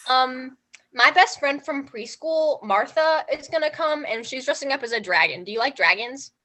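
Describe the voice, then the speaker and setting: Improv: a woman doing a blunt little girl host, high and bright. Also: expressive, moderate pace, full character voice. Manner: blunt, childlike. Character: blunt little girl hosting her party. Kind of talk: improv comedy.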